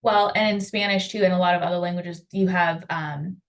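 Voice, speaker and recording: Low-voiced woman explaining word order. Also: fairly even intonation, brisk. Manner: explanatory, uses fillers like "um" and "like". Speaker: training participant.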